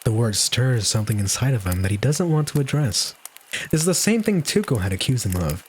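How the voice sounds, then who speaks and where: A man reads a story aloud live on stream, giggling through it and breaking into laughter. His pitch swings widely and animatedly, and a faint hiss sits under the voice. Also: very animated, brisk.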